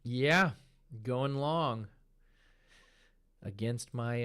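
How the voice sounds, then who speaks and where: A man with a fairly low voice hosts a live stream and talks through trading charts at an easy, relaxed pace. He points out moves on the screen and repeats words like a running count as he explains. He sounds like he is sitting at his desk mic. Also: moderate pace.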